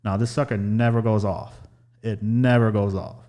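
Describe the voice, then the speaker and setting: A man's voice: fairly low pitch, fairly even intonation, moderate pace, mellow. A man hosting a podcast, chatting casually and telling a story with many restarts. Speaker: podcast host. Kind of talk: casual chat.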